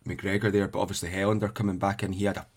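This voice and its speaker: A man's voice: deep voice, level tone, rapid-fire, slightly rough. A man talking hesitantly and thoughtfully in a casual football podcast chat. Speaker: podcast co-host.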